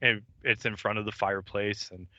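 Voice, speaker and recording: A man's voice: fairly low pitch, steady tone, fairly quick, sharp tone, no room sound, highs cut off. A man co-hosting a podcast, recapping a TV episode in casual chat, acting out scenes in put-on voices and swearing freely. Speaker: podcast co-host.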